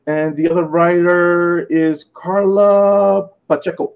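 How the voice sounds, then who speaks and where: A man on a casual comics podcast, his voice pitched a little high and sounding dull and lo-fi. He reads out comic book credits between frequent laughs and stumbles over the odd name. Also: steady tone, takes it slowly, creaky, clear, resonant tone. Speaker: podcast co-host presenting comics.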